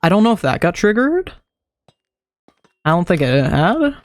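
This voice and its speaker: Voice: medium pitch, sing-song, measured pace, no echo. A streamer giving casual gameplay commentary, muttering and thinking aloud to themself.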